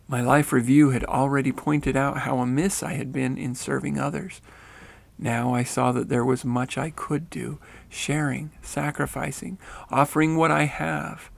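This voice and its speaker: Gravelly man reading a story. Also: medium pitch, no echo. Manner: steady, earnest reading. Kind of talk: reading a first-person story aloud.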